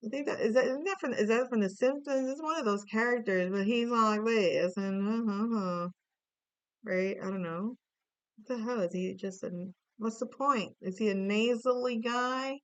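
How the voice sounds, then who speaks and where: A woman's voice: on the high side, moderate pace, clean tone, dry recording, low-quality recording. A woman giving a casual tarot reading, playful and musing aloud with chatty asides. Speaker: tarot reader.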